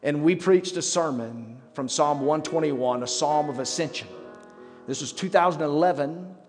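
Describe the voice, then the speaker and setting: Middle-aged man preaching in a church hall. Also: fairly high pitch. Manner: conversational and self-mocking, with dramatic pauses. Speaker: pastor. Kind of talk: sermon. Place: church sanctuary. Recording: reverberant church hall with faint music.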